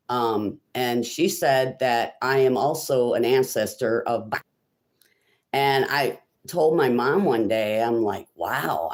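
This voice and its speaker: A woman's voice: a bass voice, darkish tone. A woman from Illinois hosting her own live stream, chatting in a rambling way with lots of ums and answering viewers' comments as they come in. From Illinois, USA. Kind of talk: casual live-stream chat.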